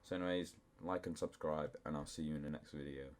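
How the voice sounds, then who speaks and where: A man's voice: very deep voice, steady tone, fast, a little mellow. A man giving casual, self-deprecating commentary over a clip. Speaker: YouTube commentator.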